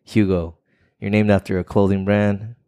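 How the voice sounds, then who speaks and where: Laid-back low-voiced man chatting. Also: flat delivery, moderate pace, dark tone, clean tone. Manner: laid-back, trailing off, swears casually. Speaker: podcast co-host. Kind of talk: casual chat.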